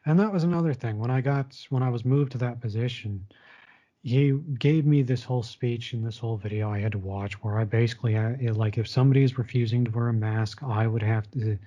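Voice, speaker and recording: A man with a warm, medium-pitched voice talks fairly quickly as he tells a casual personal story about his retail job, swearing freely and speaking bluntly and frankly. The lo-fi recording sounds dull.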